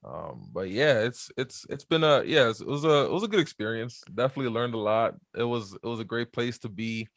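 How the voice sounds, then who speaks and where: A man's voice: medium pitch, brisk, vocal fry, hardly any pauses, no echo, clean studio sound. A man, a pastor chatting easily as a podcast guest and laughing often. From New York, USA. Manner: relaxed, easygoing, laughs often. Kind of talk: casual interview chat.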